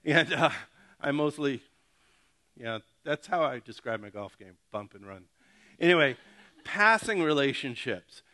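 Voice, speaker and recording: Bright-voiced joking male pastor. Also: on the high side, measured pace. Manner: joking, animated, talks to the congregation directly. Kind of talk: casual conversational sermon.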